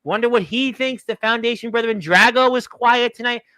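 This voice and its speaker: A man's voice: extremely high pitch, normal speed, bright, forceful tone, clear, resonant tone, no echo. A man hosting a talk radio show, rambling along with lots of "um" fillers.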